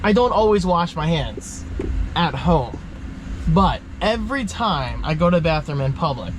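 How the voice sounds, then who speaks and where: A man's voice: on the high side, sing-song, measured pace, noisy background. A man talking casually to camera as a vlogger, rambling and joking about his day. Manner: rambling, chatty, self-joking. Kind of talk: casual vlog chat.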